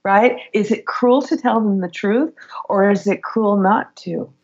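A middle-aged woman, a guest in an interview, telling work stories in an animated way and laughing as she goes. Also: medium pitch, measured pace, creaky, slightly rough, dull audio. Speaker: guest, former HR executive. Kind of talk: conversational interview storytelling.

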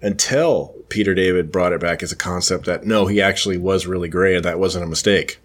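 A low-voiced man hosting a podcast retells a comic book plot in casual chat. He rambles, trails off and corrects himself, leaning on fillers. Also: a little fast. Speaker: podcast host.

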